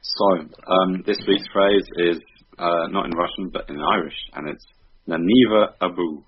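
Deep husky male podcast co-host. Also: normal speed, lo-fi sound. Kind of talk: casual chat.

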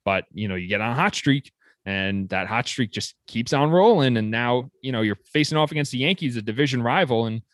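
A man co-hosting a casual sports chat, relaxed and teasing, checking stats as he talks. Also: mid-range voice, a little fast, no echo, clean studio sound. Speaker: podcast co-host.

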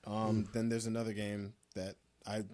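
A man's voice: on the low side, monotone, normal speed, a little mellow, slight background noise. A man in casual podcast chat, giving his game picks with some hesitation.

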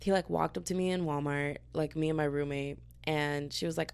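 In her twenties, this podcast host delivers a casual ranting monologue in a low, gravelly voice heavy with vocal fry, sounding tired yet wired. She rambles animatedly from story to story, jumping into high, mocking voices to quote people. The pace is quick with few pauses, and the audio is dry and close with no room sound.

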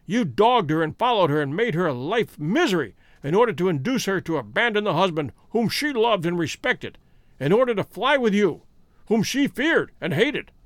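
A man voicing a calm, commanding male detective who speaks in a measured, stern way. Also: high voice, dry recording, clean studio sound.

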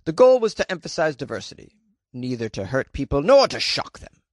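A man voicing an elderly male church spokesman, in a slow, deliberate put-on old man's voice. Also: fairly high pitch, very animated, no echo, studio quality. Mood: explaining.

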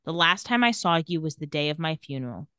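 A woman's voice: low-pitched, expressive, fast talker, bright, forceful tone, smooth, no room sound, studio quality. A woman casually recapping a TV episode and reading the characters' lines with light sarcasm. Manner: retells scenes and reads quotes with light sarcasm. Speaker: podcast co-host recapping a TV episode.

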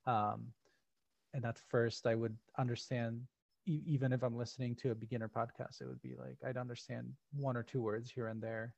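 A man's voice: medium pitch, flat delivery, moderate pace, creaky, dry recording. A man co-hosting a podcast in casual chat, rambling with lots of fillers and restarts. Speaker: podcast co-host.

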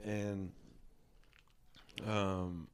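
A man with a low voice tells a story in a loose, laid-back way. He swears casually and leans on "like" as filler. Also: level tone, extremely slow, smooth. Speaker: tour caddie, guest.

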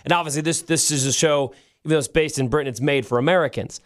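Excitable guy co-hosting, chatty, a bit higher voice, keeps restarting. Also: fast talker. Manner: excitable, animated, restarts often. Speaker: radio show co-host. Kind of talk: casual chat.

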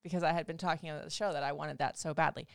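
A woman in her forties co-hosting a casual couple chat, animated and teasing, swearing freely. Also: low-pitched, very fast, creaky, smooth, no room sound, clean studio sound. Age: 40s. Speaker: podcast co-host.

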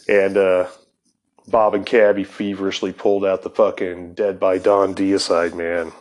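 A man's voice: low-pitched, level tone, unhurried, a little mellow, low-quality recording. A man in his fifties telling a rambling personal story, laid-back and swearing constantly, tossing in "man" and "dude". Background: guitar music playing.

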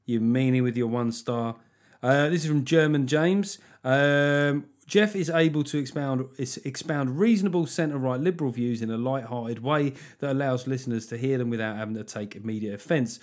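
A middle-aged comedian talking alone into a podcast mic in a mid-pitched, everyday voice. He rambles, doubles back on himself and drops wry, self-mocking asides. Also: moderate pace, darkish tone. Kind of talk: casual solo podcast chat.

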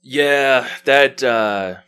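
A man co-hosting a podcast in casual chat, joking with quick wisecracks. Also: medium pitch, a bit bright, smooth. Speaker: podcast co-host.

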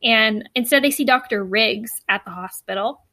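A woman's voice: on the high side, moderate pace, pushed and bright, dry recording. A woman co-hosting a podcast, recapping a book casually with lots of fillers. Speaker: podcast co-host.

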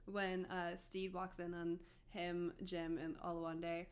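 A woman's voice: lowish voice, level tone, slow. Enthusiastic woman podcast co-host. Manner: enthusiastic, quotes lines, laughs often. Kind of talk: casual chat about a TV show.

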